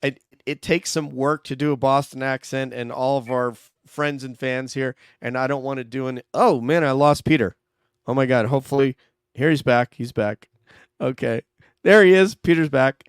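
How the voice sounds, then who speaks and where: A man's voice: medium pitch, normal speed, smooth, no room sound, studio quality. A man hosting an online true-crime show in casual, loose chat. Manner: loose, chatty, laughs easily. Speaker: host.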